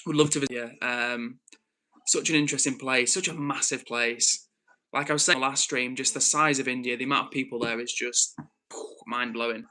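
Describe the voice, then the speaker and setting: A young man from Northwest England, speaking with that region's accent, hosts a live stream in a brisk, mid-range voice. He reads the chat and calmly, earnestly lectures a troll, restarting himself many times.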